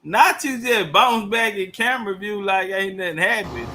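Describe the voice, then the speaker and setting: A man's voice: high voice, moderate pace, bright, forceful tone. A man doing loose, profane live commentary, heckling and laughing in heavy slang. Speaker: livestream commentator. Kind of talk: crude casual live commentary.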